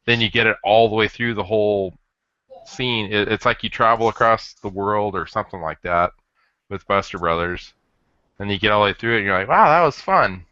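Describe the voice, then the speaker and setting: A man with a bright, lower-pitched voice talks in a rambling, halting way, stumbling over restarts. The sound is dull and lo-fi, with a dry, close feel and no room behind him. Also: little pitch movement, dry recording. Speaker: podcast co-host. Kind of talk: casual chat.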